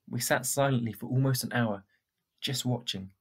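A man reading a first-person storybook aloud in a steady, plain way, with a husky voice. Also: mid-range voice, moderate pace. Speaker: audiobook narrator.

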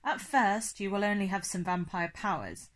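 A woman's voice: mid-range voice, normal speed, fairly bright tone, close to an everyday voice. A woman reading an audiobook, voicing a formal, commanding old male vampire who speaks stiffly and precisely, without contractions. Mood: explaining.

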